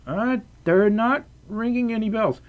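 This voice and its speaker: A man's voice: sits high, measured pace, phone-quality sound. A young man chatting casually on a livestream, reading out chat and donations with playful stammers and restarts.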